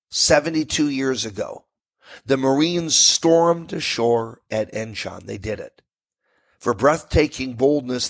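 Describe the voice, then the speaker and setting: Folksy American talk radio host. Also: male voice, mid-range voice. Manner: folksy and rambling, with asides to listeners. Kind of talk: talk radio history segment. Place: radio studio.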